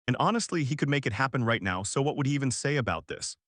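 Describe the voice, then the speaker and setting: Brief: male recap narrator, animated swings in pitch, dry close sound, slangy punchy delivery. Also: no room sound. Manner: punchy, slangy retelling with quick restarts. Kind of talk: casual story recap narration.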